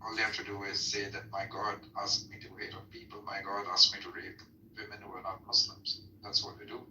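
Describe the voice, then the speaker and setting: A man's voice: lowish voice, little pitch movement, fairly quick, sharp tone. A man in a casual online debate who talks in a mocking drawl and swears. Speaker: participant in an online voice room. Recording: distant, roomy, faint noise.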